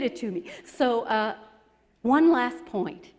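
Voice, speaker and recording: In a large expo hall with long reverb, a middle-aged relationship therapist gives a motivational talk, sharing emotional personal stories with self-deprecating humor. Her slightly high, darkish voice is animated, and she leads a guided meditation in a slow, soothing voice.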